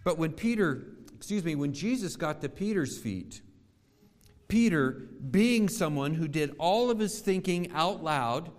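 A man's voice: fairly high pitch, lively intonation. Man preaching in a reverberant hall. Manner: measured preaching, rhetorical questions to the congregation. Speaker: pastor. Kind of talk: sermon.

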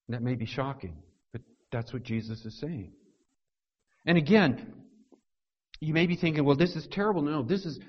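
A man preaching a sermon, pressing his points by repeating words and swinging from hushed, low lines to loud, raised ones. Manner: emphatic, repeats words for stress. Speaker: pastor. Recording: dull lo-fi recording.

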